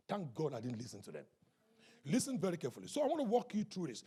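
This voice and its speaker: A pastor preaching a rousing sermon at a church service, calling out to the congregation and often shouting. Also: male voice, a little high, huge pitch swings, quick pace, breathy edge.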